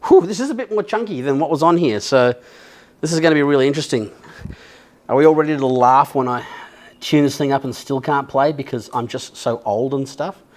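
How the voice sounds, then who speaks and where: A man's voice: medium pitch, a little fast. A man with an Australian accent chatting casually and rambling as he restrings a guitar, self-mocking and swearing now and then. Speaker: vlogger.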